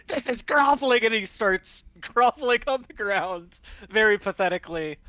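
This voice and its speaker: A man voicing an excitable, theatrical little male creature with a high squeaky voice. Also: moderate pace, dry recording, dull audio. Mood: mocking.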